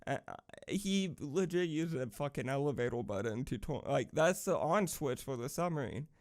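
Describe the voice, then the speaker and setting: A man's voice: fairly high pitch, animated, moderate pace, a little mellow. A young man vlogger ranting casually, profane and rambling with lots of fillers. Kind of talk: casual rant.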